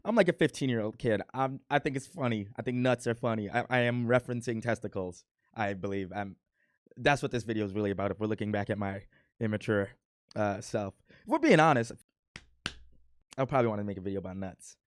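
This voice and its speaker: A man's voice: lowish voice, fairly quick, no echo, studio quality. A man casually commenting on his own old home video, joking and playfully boasting about himself. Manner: self-mocking, playfully boastful. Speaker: reaction video host.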